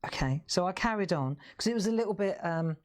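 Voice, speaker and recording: A woman's voice: medium pitch, quick pace, darkish tone. A woman hosting a live craft stream, telling rambling anecdotes as she colours. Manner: rambling, chatty storytelling with laughs. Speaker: craft show host. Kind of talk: casual live-stream chat while colouring.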